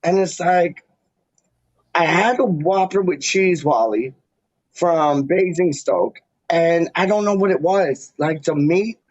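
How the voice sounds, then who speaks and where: A man's voice: on the high side, slow, no echo. A man hosting a casual chat, telling rambling stories with slang and laughter. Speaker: podcast host. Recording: dry, dull lo-fi sound.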